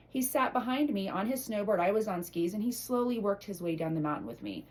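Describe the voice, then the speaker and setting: A woman's voice: mid-range voice, darkish tone, low-quality recording. A middle-aged woman delivering a blunt, emotional motivational monologue to her followers, swearing freely. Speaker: motivational vlogger.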